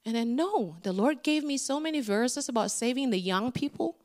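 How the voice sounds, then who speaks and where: A middle-aged woman, a guest speaker telling her story in an animated sermon with big swings in pitch. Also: normal speed. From Indonesia.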